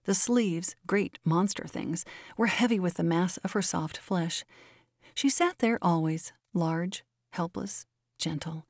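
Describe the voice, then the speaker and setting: Low-voiced woman reading a classic story. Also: slow pace, a little mellow, dry recording, studio quality. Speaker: host and reader. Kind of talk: scripted narration of a classic story.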